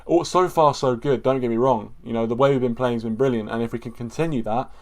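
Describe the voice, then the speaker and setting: A man's voice: mid-range voice, fast talker, darkish tone. A man from England co-hosting a casual football stream, stammering on restarts, calling people mate and repeating his points. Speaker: football podcast co-host. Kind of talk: casual live-stream chat.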